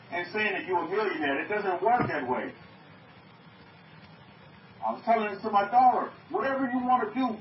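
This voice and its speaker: Guy preaching, high voice, keeps asking the crowd stuff, echoey muffled room, mic far away. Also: slight background noise. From North America. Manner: emphatic, repeats phrases, asks the audience questions. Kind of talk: sermon to an online group.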